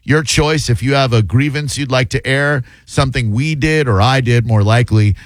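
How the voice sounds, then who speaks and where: A man's voice: mid-range voice, moderate pace, no room sound. A man hosting a radio show, bantering sarcastically with his co-host and reading promos in a joking, rambling way. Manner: sarcastic, joking, playful tangents. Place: radio studio. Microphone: studio microphone.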